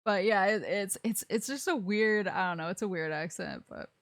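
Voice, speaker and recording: A woman's voice: mid-range voice, moderate pace, no room sound, studio quality. Giggly young woman with a Southern drawl. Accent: Southern US, Alabama. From Alabama, USA. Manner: chatty and giggly, rambling with frequent laughs. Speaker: streamer host. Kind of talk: casual stream chat.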